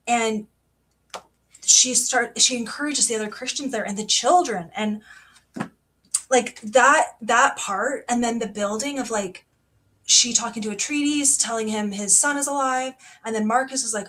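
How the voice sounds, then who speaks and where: Young woman, book-club host, fairly high voice, chatty, filler-heavy, easily fired up. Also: unhurried. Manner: chatty and excitable, many fillers, reads passages aloud. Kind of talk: casual livestream book discussion.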